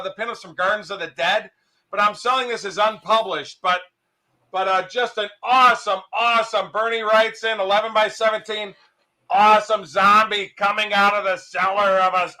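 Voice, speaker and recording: A man pitching art for sale in an enthusiastic, hyping way. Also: pushed and bright. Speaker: art dealer. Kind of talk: live sales pitch.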